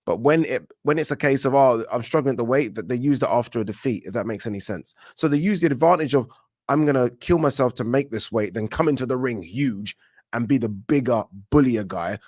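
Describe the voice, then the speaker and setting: A man hosting a casual livestream, reading out viewer comments and giving animated, opinionated takes with frequent restarts. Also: medium pitch, a little fast, no echo, studio quality. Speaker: boxing channel host.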